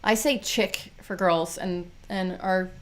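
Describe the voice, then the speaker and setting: Mom co-hosting a livestream, candid and kinda exasperated, middle-aged. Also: female voice, on the low side, steady tone, takes it slowly. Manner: candid, exasperated about her kids. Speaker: livestream co-host. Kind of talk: casual chat.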